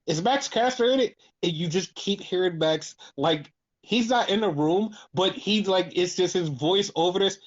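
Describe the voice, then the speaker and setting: A man chats casually as a podcast host, breaking down wrestling shows with animated, profane energy. He slips into quoted voices as he tells the story, and the audio sounds dull and lo-fi. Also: sits high, measured pace. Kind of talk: casual chat.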